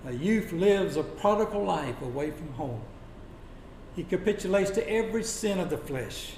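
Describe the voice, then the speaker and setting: A man preaching a sermon, telling Bible stories dramatically and dropping to a hush for quoted lines. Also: high-pitched, lively intonation, normal speed. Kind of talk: sermon storytelling. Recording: echoey room with faint noise.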